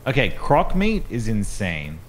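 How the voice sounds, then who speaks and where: A man's voice: lowish voice, wildly swooping pitch, unhurried, a little hiss or hum. An Australian man chatting casually while playing a game, laid-back and offhand. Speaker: co-streamer. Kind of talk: casual gaming chat.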